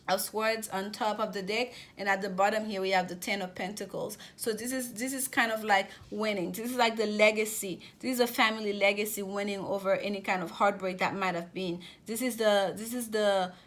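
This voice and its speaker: Fast-talking woman reading tarot. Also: medium pitch, fairly even intonation, a bit bright. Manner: rapid, repetitive with many restarts. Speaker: tarot reader.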